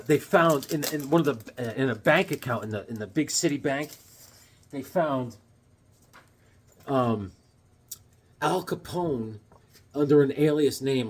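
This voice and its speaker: A man's voice: medium pitch, husky. A man casually reviewing comic books, rambling and joking, with plenty of fillers and "right?" tag questions. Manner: loose and chatty, full of fillers and tag questions; jokey, with puns.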